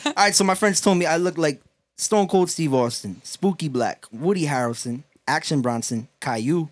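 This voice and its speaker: A man's voice: on the high side, normal speed, a little hiss or hum. A man in casual joking chat with friends, rambling and laughing as he tells stories. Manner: laughing, rambling, animated storytelling.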